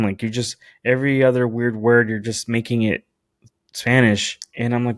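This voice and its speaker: A man's voice: mid-range voice, steady tone, brisk, dry recording, studio quality. Profane man rambling through a story. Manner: profane, rambling, with frequent restarts. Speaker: podcast host. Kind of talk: casual comedic storytelling.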